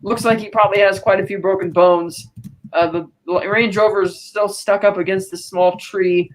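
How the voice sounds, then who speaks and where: A woman walks her co-host through a film's plot in a relaxed podcast chat. She circles back, trips over her words and restarts often, keeping a steady, even pitch. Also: normal speed, a little hiss or hum. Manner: rambling plot retelling with frequent restarts and fillers. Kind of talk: casual film recap.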